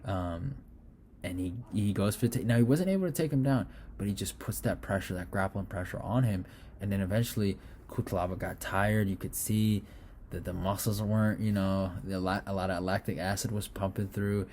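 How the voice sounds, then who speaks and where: A man giving a casual, excitable fight breakdown, swearing freely and throwing in animated asides. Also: fairly low pitch, normal speed, slight background noise. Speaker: fight analyst.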